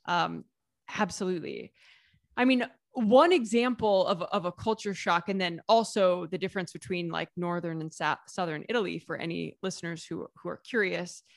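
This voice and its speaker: An American woman talking casually as a guest, lively, with frequent laughs and fillers. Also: lowish voice, normal speed, vocal fry, dry recording, studio quality. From United States. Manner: lively, laughs often, many fillers and restarts. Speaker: author and vlogger guest. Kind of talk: casual interview conversation.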